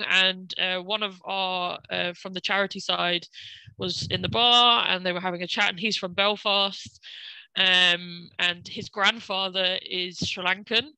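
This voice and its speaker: A woman's voice: medium pitch, sharp tone, smooth, no echo, rough recording. A woman who works at an Irish community centre, speaking on a panel and telling chatty anecdotes in which she acts out what people said. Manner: chatty anecdotal storytelling, acting out quotes. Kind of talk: panel conversation.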